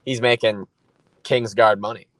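Low-voiced man on a dry mic. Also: fairly even intonation, a little slow, a bit bright, dry recording, low-quality recording. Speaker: podcast co-host. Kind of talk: casual podcast chat.

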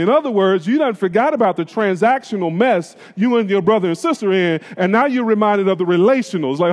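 A man's voice: high voice, expressive, quick pace, few pauses. A man preaching a sermon, talking straight to his congregation in colloquial phrasing and asking them questions. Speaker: pastor. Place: church sanctuary. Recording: long reverb of a church hall.

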